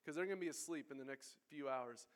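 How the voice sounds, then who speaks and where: A man's voice: mid-range voice, fast. A man preaching a sermon as pastor, earnest and exhorting his congregation. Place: church sanctuary.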